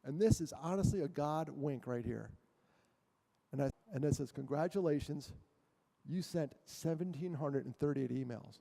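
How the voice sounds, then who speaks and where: A man speaking as a guest at a church, telling his story in an animated, self-mocking way. His voice is a touch high and mellow. It rings with long reverb from the hall. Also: normal speed, gravelly. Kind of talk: storytelling talk to a church audience.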